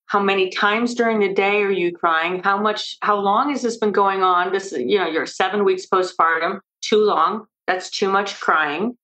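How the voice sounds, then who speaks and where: An older woman, an expert guest on an interview podcast, explaining emphatically and telling lively stories. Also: medium pitch, normal speed, hardly any pauses, rough recording. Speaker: maternal mental health expert guest.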